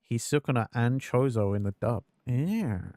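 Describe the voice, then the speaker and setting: A man's voice: medium pitch, lively intonation, unhurried, warm tone, no echo. Candid, foul-mouthed male streamer. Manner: candid, swears freely, laughs at himself. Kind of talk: casual live-stream chat over gameplay.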